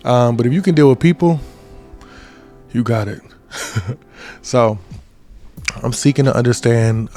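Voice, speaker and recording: A man's voice: medium pitch, vocal fry, a little mellow. A man in his twenties giving a casual motivational talk as a podcast host, often checking in with "right?". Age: 20s. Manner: conversational, repeats "right?" often.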